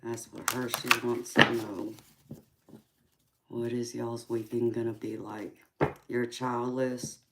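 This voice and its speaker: In a level tone, a forties-aged tarot host from California chats with her live-stream audience using a Georgia Southern drawl and a very deep voice. She's slow, sweet, and affectionate, calling people sweetheart and dragging out her filler ums, with a faint hiss audible.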